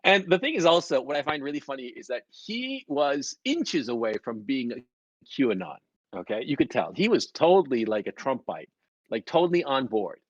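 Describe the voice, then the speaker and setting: A man of middle pitch hosts a casual stream chat, telling rambling, profane stories with lots of animation. His mic sounds dry and somewhat dull, with no room around it. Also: sing-song, moderate pace, dry recording. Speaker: stream host.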